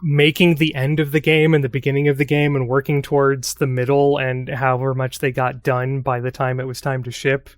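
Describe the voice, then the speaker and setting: Relaxed musing man on a podcast. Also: medium pitch, a little fast, hardly any pauses, dry recording, clean studio sound. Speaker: podcast co-host. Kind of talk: casual podcast chat.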